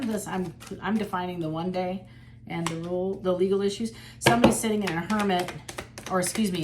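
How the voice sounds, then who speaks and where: A woman's voice: fairly low pitch, background noise. A woman giving a casual tarot reading to her viewers, chatty and blunt, with the odd swear word. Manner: chatty, blunt, mildly profane. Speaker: tarot reader.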